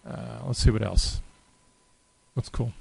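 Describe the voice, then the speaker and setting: Man casually narrating a software demo. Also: medium pitch, creaky, husky, dry recording, poor audio. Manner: casual and unhurried, many filler pauses. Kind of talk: unscripted screen-share walkthrough.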